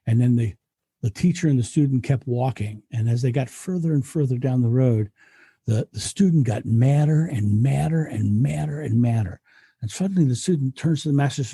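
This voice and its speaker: A man's voice: medium pitch, brisk, dark tone, husky, dry recording. A man, a guest speaker, talking earnestly in a reflective interview and often restarting his sentences. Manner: earnest, frequent restarts and repetitions.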